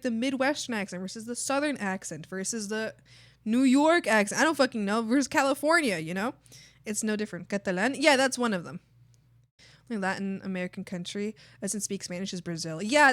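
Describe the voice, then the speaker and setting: Woman streamer yapping to chat, kinda high voice, swears a lot, rambly. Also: no room sound, clean studio sound. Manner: rambling, swears freely, thinks aloud to chat. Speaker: art streamer. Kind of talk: casual livestream chat.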